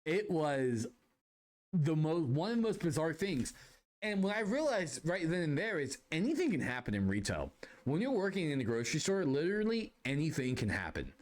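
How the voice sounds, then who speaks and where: Young man, podcast host, very lively swinging pitch, rambling, self-deprecating. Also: moderate pace. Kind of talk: casual solo podcast storytelling.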